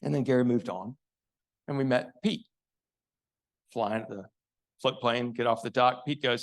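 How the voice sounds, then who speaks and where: Speaking at a medium pitch, this man talks a little slowly and pauses often. He's a sales consultant giving a keynote business talk to a live audience at an event venue, weaving in stories and rhetorical questions.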